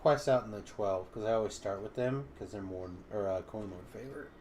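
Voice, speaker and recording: A man's voice: lowish voice, a little fast, a little mellow, slight background noise. A man streaming a game, chatting casually and rambling a little, poking fun at himself. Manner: rambling, self-deprecating. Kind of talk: casual gameplay chat.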